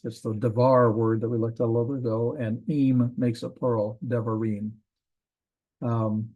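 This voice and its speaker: A man teaching a classroom lecture in a relaxed, rambling way, with frequent ums and self-corrections. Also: mid-range voice. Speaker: Hebrew teacher.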